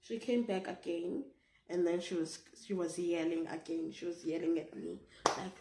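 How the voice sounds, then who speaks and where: A young woman with a South African accent telling a story on a casual vlog, animated and indignant, swearing freely. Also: fairly low pitch, normal speed. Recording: echoey room, faint noise.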